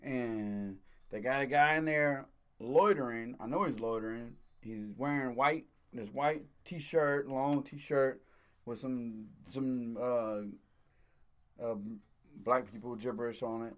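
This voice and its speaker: Brief: male co-host, loose profane storyteller, mid-pitched, chuckles through his anecdotes. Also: lively intonation, measured pace. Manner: profane, rambling, laughs often. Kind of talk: casual chat, rambling storytelling.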